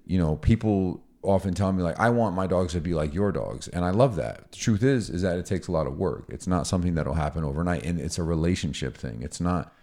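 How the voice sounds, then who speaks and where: A man co-hosting a casual podcast, explaining dog training in an energetic, chatty way. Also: low voice, brisk, hardly any pauses. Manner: energetic, explanatory, acts out dialogue.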